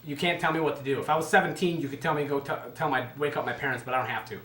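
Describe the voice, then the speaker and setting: Talking very fast in a fairly high pitch, a twenty-something man shares a casual, profanity-filled story, animatedly playing out other people's words. The space is echoey.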